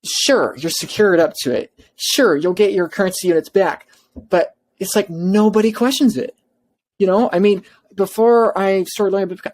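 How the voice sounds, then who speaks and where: رجل متحمس يتحدث بإصرار وتكرار. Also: male voice, a little high, a little mellow. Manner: emphatic, repeats himself, quick restarts. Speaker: bitcoin adviser. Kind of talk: impassioned monologue.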